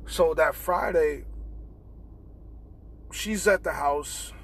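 A young man hosting a podcast, telling a profane, animated story in casual chat and acting out the dialogue. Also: a little high, very slow, vocal fry, breathy edge. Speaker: podcast host. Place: in a car.

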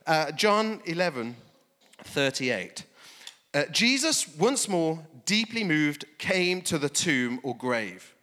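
A man preaching to his congregation in an easy, conversational way, tossing in quick check-ins as he goes. His voice sits a little higher than most men's. The sound rings out with a long reverb tail, as in a large hall. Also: fairly bright tone. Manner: conversational preaching, frequent "okay?" asides. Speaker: pastor. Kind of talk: sermon.

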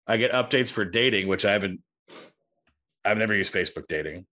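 A man co-hosting a comedy podcast, complaining in a wry, deadpan way with frequent swearing. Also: on the low side, brisk. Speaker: podcast co-host. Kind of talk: casual comedic chat.

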